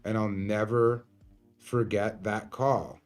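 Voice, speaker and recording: A man's voice: fairly low pitch, level tone, takes it slowly, soft background music. Candid New man telling a story. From New York. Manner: candid, swearing, emotional retelling. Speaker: company founder. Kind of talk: storytelling monologue.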